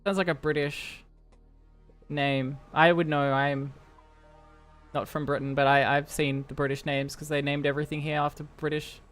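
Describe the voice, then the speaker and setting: A woman's voice: sits low, little pitch movement, moderate pace. Playful rambling young woman streamer. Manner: playful, rambling, talks to chat. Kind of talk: casual live-stream chat. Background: faint music.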